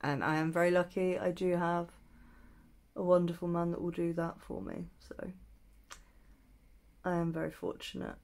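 A young woman chatting through a makeup tutorial, answering questions aloud with many pauses and ums. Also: lowish voice, gravelly, a little mellow. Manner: thinking aloud with many ums, self-teasing. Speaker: beauty vlogger.

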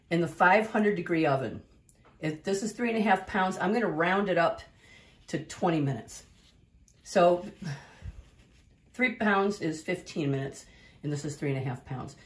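A woman hosting a home cooking video, chatty and talking viewers through each step directly. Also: medium pitch. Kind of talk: casual cooking demonstration. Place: home kitchen.

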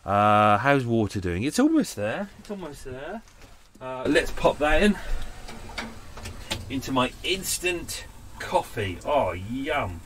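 Bloke rambling on his podcast from a canal boat, pitch bouncing all over, chatty and self-mocking. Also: big pitch swings, takes it slowly, noisy background. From England. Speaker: podcast host. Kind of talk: casual rambling chat. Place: moored canal boat cabin.

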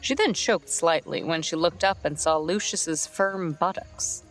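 A woman narrating a storybook in a steady, even read. Her voice sits on the low side, with faint music playing under her. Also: a little slow. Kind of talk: scripted narration.

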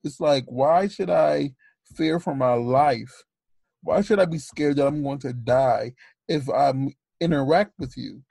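A man with a gravelly, creaky voice speaks earnestly, often stammering and restarting. He keeps his pitch lifted above his natural deeper range. The recording is dry and close. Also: a little slow, mellow, no room sound. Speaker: podcast co-host. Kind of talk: casual podcast talk.

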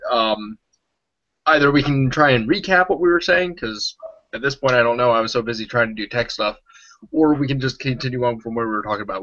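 A man's voice: mid-range voice, a bit bright. A man hosting a live gaming stream, chatty and rambling, laughing often. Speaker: show host. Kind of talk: casual live-stream interview. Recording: slightly dull lo-fi audio.

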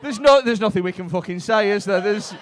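A man's voice: high-pitched, a little fast. A young man doing stand-up crowd work, brash and teasing, with plenty of swearing, on a comedy club stage. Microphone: handheld stage mic.

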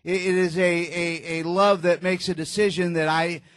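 A man preaching a sermon, telling a story in a low, hushed voice at the tender moments and rising louder when he exhorts, with many fillers and restarts. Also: flat delivery, moderate pace, no echo.

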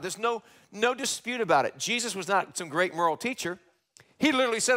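Pastor guy preaching live in church, high voice, gets loud and excited acting out questions. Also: normal speed. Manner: animated preaching, acts out quoted questions with rising pitch. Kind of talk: sermon. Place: church sanctuary, live broadcast.

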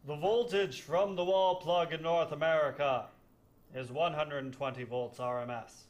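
A man's voice: fairly high pitch, steady tone, normal speed. A young man reading lines of a student-made electronics lesson from a script. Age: young adult. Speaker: student presenter. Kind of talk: scripted narration. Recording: roomy, from far off the mic.

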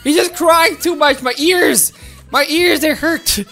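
A woman giving excitable gameplay commentary, squealing, giggling and crying out in panic, with faint game music behind. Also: sits high, slow, gravelly. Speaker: gaming video host.

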